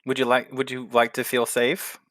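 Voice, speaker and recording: A woman playing her character in a tabletop game, speaking earnestly and deliberately. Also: rumbling low, completely flat delivery, fairly bright tone, no echo, clean studio sound. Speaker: player.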